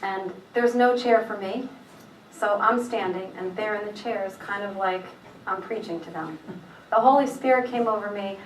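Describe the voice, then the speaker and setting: A woman's voice: mid-range voice, recorded from a distance, slight background noise. Woman telling a story in an echoey room. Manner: rambling, halting with fillers and restarts. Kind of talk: personal testimony, casual retelling.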